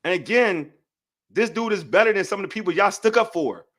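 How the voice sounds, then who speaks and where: A man's voice: high-pitched, lively intonation, brisk, fairly bright tone. A man hosting a casual sports debate show, heated and slangy as he vents his frustrations.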